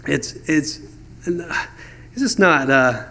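A man's voice: fairly high pitch, drawn-out words. A man preaching a sermon, reading verses and telling stories, acting out voices in the dialogue. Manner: storytelling, animated, acts out voices in dialogue. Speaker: pastor.

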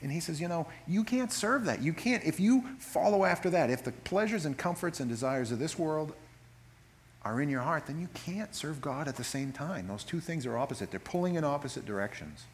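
A man preaching a sermon in an animated, folksy way, reading scripture slowly and solemnly between joking asides. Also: a little high. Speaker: pastor.

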